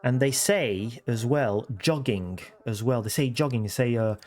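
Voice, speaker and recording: A chatty man talks loosely to his stream viewers from a room at home, at an average pitch. He repeats words, stops mid-phrase and corrects himself, keeping a relaxed, rambling flow. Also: moderate pace, few pauses. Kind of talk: casual livestream chat.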